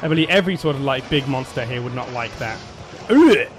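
A man commentating on his own gameplay, excitable, swearing, shouting and laughing at the action. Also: mid-range voice, fairly quick, slight background noise, rough recording. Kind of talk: let's play commentary.

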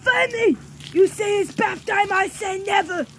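Woman doing a squeaky, excited little warrior dog. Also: measured pace, a little hiss or hum, full character voice. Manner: squeaky, excited, stammering, baby-talk grammar. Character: playful, boastful pet dog battling water. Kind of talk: voicing a pet for a home video.

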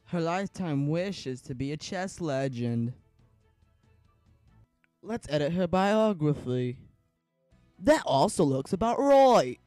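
Male game commentator, high bouncy voice, dry close mic, jokey and excitable, faint music behind. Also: takes it slowly, long pauses, no echo. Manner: joking, grows frantic and yelling. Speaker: gaming commentator.

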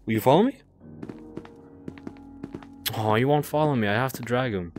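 A young man giving casual commentary while he plays a game, excitable and cooing at a creature in baby talk. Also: fairly low pitch, normal speed, pauses often, faint music behind. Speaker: gaming video creator.

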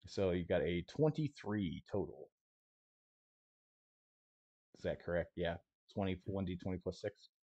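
A man running a tabletop game as game master, casual and quick to laugh, often correcting himself mid-sentence. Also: low voice, mellow, dry recording, muffled recording.

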